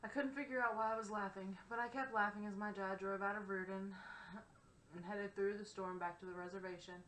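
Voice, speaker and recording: A woman's voice: medium pitch, fairly even intonation, fairly quick, fairly bright tone. A woman narrating a first-person novel in a wry, conversational way. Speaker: audiobook narrator. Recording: roomy echo, faint background hiss.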